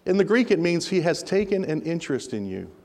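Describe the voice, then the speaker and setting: A man's voice: fairly high pitch, big pitch swings, a little fast, creaky, a little mellow. A man preaching a sermon in a church, earnest and repeating key phrases for emphasis. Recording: reverberant hall.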